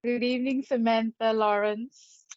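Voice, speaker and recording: A woman hosting a psychic live stream, chatty and playful as she greets viewers. She talks slowly in a fairly high voice. The sound is dull and lo-fi, with a dry, close feel. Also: fairly even intonation, a little mellow, dry recording. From England. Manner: chatty and playful, laughs often. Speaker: psychic medium and spirit artist.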